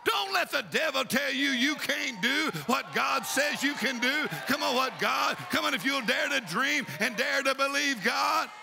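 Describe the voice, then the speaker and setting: Fiery preacher, high and gravelly. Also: male voice, expressive, a little slow, few pauses. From Texas. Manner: shouting, exhorting with repeated rallying calls. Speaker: pastor. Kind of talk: fiery sermon. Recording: reverberant church hall.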